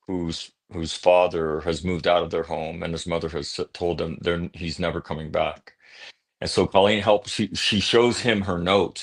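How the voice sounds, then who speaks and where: A man, an author guest on a talk show, earnestly telling a personal story and often checking in with "right?". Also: low voice. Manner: earnest, punctuates thoughts with "right?"; blunt at times.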